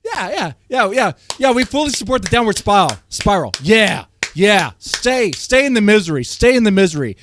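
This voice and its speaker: A man streaming live, ranting at his chat in a heated, swinging way, his voice strained and often cleared. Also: very animated, moderate pace, hardly any pauses, background noise. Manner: heated, swings from loud outbursts to low muttering. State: voice strained, keeps clearing throat. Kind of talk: ranting livestream commentary to chat.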